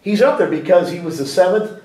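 A man being interviewed across a table talks fairly quickly in a slightly high voice, full of energy. He keeps restarting sentences and tossing in rhetorical questions, and the far-off mic picks up the library's echo.

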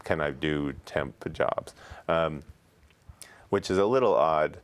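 A man's voice: extremely low pitch, slow. A man on a community TV talk panel, thinking aloud in a casual, thoughtful way. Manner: thoughtful, reasons aloud with restarts. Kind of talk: casual talk show discussion. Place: community access TV studio.

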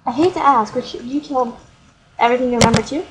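A woman gives casual let's play commentary in a noisy home recording, reading the game's dialogue aloud and adding playful asides. Her voice sits high and she talks fast.

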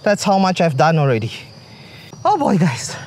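Climbing a forest trail, a man vlogs for his audience, out of breath, mixing jokes with complaints. His fairly high voice swings hugely in pitch at a normal pace, a bit mellow, over slight background noise.

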